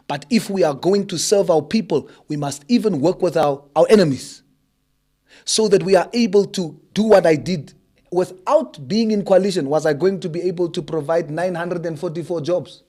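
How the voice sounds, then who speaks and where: A man's voice: on the high side, moderate pace, dark tone. A man with a South African accent speaking as a politician guest, fiery and rhetorical, firing off questions and mixing Afrikaans phrases into his talk.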